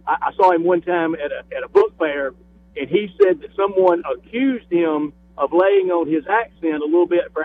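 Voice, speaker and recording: A man's voice: high voice, no room sound. A man in his fifties with a Southern US accent, a guest on a radio show, talking with enthusiasm and often repeating his first words. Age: 50s. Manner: enthusiastic, repeats words when starting sentences. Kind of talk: casual phone chat. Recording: tinny phone line.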